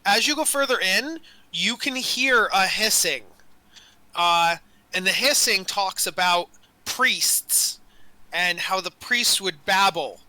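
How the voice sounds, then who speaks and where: Bright, high-voiced male game master. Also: animated, slow, dry recording, low-quality recording. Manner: rambling, self-correcting, with many fillers. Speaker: dungeon master. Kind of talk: narrating a tabletop game.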